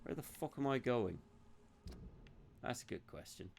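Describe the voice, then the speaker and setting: A man's voice: medium pitch, lively intonation, a little slow, creaky, darkish tone, a little hiss or hum. A man streaming a video game, rambling, joking and swearing freely as he plays. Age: adult. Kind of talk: live gameplay commentary.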